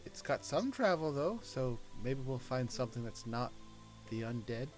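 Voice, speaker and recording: A man taking part in a tabletop game. He chats casually and jokes around with the group. His voice sits at a middle pitch. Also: expressive, moderate pace, darkish tone, faint music behind. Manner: joking and chatty. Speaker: player.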